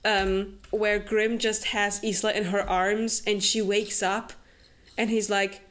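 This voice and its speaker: A woman's voice: medium pitch, slow pace. Sarcastic young woman recapping a book. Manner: animated, many fillers, sarcastic. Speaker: book club co-host. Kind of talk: casual chat, summarizing a novel.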